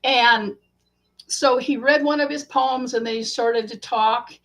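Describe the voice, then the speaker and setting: A woman author, a guest in an interview, telling a story in a casual, animated way and acting out the quotes. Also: a little high, unhurried.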